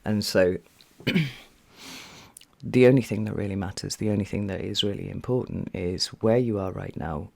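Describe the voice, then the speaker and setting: A man with a fairly low voice gives a casual tarot reading straight to his viewers. He talks in a loose, meandering way, full of fillers and restarts. At times he drops into a soft half-whisper. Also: normal speed, vocal fry. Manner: chatty and meandering, with many fillers. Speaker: tarot reader.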